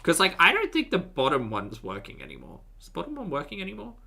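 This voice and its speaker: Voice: mid-range voice, huge pitch swings, fast talker, vocal fry, sharp tone, breathy edge. A reaction channel host giving wry, sarcastic commentary over video clips, with exasperated outbursts.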